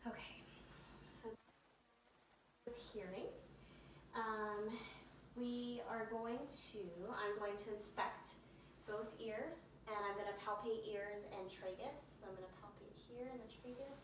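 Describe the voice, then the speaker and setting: A woman's voice: medium pitch, fairly even intonation, measured pace, pauses often. A woman methodically talking through a clinical physical exam step by step, with occasional fillers, in an exam room. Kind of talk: narrated step-by-step clinical demonstration. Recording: echoey room, distant mic, faint hum.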